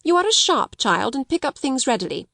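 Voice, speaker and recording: A woman's voice: sits high, very animated, fairly quick, creaky, no room sound, clean studio sound, pitched above the performer's own voice, full character voice. Woman reading as a harsh scolding schoolmistress. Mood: domineering. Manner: sharp, cold, scolding. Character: harsh domineering middle-aged schoolmistress.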